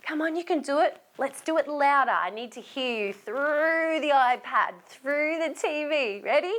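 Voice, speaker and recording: A woman's voice: high voice, expressive, normal speed, hardly any pauses, fairly bright tone. An Australian woman hosting a children's storytime show, coaxing young kids directly in a playful voice with gasps and exclamations. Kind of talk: children's storytime and sing-along.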